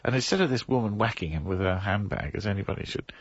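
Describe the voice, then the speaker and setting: A man with a lowish, husky voice recalls a story with good humor. The recording is dry and dull. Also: lively intonation, fast, dry recording. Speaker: musician, interviewee. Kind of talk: interview anecdote.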